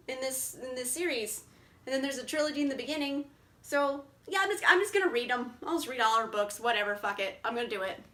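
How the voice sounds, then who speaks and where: A woman's voice: sits high, pushed and bright. A young woman chatting casually about her reading plans, bubbly, laughing often and saying like a lot. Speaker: book vlogger. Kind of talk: casual chat.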